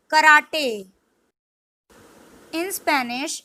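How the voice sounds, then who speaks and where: Woman, language lesson, measured word-by-word reading, dry sound. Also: high-pitched, sharp tone, no echo, poor audio. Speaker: language teacher. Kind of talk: scripted vocabulary lesson.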